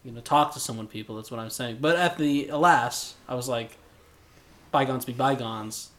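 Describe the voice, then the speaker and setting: A man's voice: medium pitch, a little fast, a bit bright. Young male co-host, medium voice, dry, drops in mock-formal words. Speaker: podcast co-host. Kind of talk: casual podcast chat.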